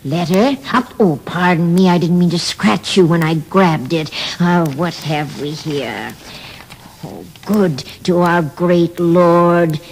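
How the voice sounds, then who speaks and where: A man's voice: on the high side, slow, slight background noise, poor audio. A man voicing a sly, gloating male demon lord who drawls and purrs. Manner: drawling, purring, hesitant.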